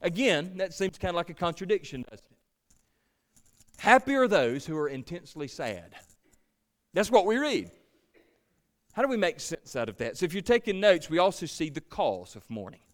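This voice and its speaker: An earnest, emphatic male pastor preaches a sermon in a voice slightly high for a man. Very animated, he moves at a moderate pace with frequent pauses, repeating words as he builds his points and swelling loud before dropping almost to a hush.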